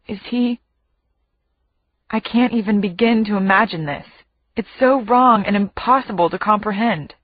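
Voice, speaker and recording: A woman's voice: mid-range voice, normal speed, dry recording, highs cut off. A woman narrating a first-person audiobook in a vivid, dramatic way.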